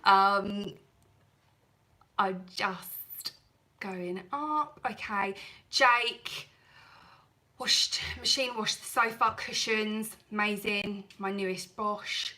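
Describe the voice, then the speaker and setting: A woman hosts a live stream about cleaning and chats with her viewers at a slow, unhurried pace. Her voice sounds bright and forceful. She rambles and pokes fun at herself. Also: mid-range voice, poor audio. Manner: chatty, rambling, self-deprecating. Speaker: cleaning channel host.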